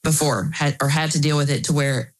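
A woman's voice: sits low, fairly even intonation, fairly quick, poor audio. Earnest woman telling her story. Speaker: interview guest. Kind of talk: candid personal storytelling.

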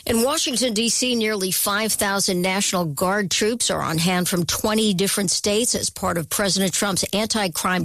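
Measured woman newscaster, dry studio sound. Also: medium pitch, a bit bright, no echo. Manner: crisp, measured delivery. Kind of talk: national newscast.

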